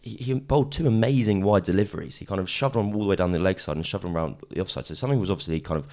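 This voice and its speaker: A man's voice: deep voice, darkish tone. A man co-hosting a podcast, chatting casually about cricket in a rambling way full of "kind of". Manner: fast, rambling, leans on "kind of". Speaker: podcast co-host.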